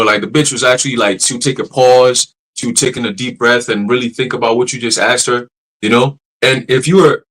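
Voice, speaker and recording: Animated, profane man preaching casually. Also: lowish voice, poor audio. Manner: animated, profane, laughing, many restarts. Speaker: church teacher.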